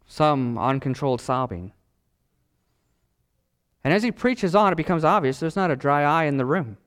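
A middle-aged male pastor preaching a sermon dramatically, with long pauses and big swings in pitch. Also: animated, clear, resonant tone.

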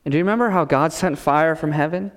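A man pastor preaching a sermon as a storyteller, swinging from loud passages to hushed ones. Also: a little high, fast talker, in a large hall.

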